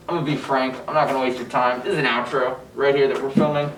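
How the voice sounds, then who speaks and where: A man's voice: medium pitch, fairly even intonation, fast talker, fairly bright tone, a little hiss or hum. A man hosting a language lesson from his home, in an upbeat, chatty and frank way. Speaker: host of a language lesson series. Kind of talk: casual lesson and outro.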